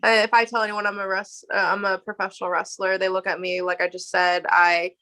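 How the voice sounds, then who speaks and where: A woman's voice: medium pitch, little pitch movement, brisk, sharp tone. A woman who wrestles professionally, chatting as an interview guest in a blunt, casual way. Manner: blunt, swears casually, laughs easily.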